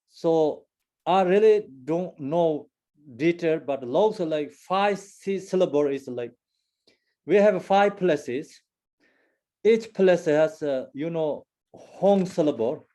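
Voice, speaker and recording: Slow, mellow-voiced man teaching dharma. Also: a little high. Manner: halting, many fillers and restarts; non-native English phrasing. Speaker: Buddhist teacher.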